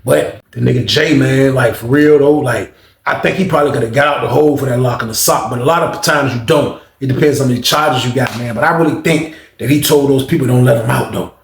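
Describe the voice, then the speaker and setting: A man's voice: mid-range voice, fairly quick, gravelly, slight background noise. A man casually telling a slangy, repetitive story about prison life, in a roomy echo. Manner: slangy, repetitive, animated retelling.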